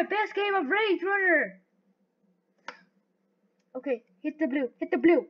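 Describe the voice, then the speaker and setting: A woman giving live gameplay commentary, excitable and talking to herself as she plays. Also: very high voice, takes it slowly. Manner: excitable, talks to herself while playing. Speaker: gaming video host. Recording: dull lo-fi recording.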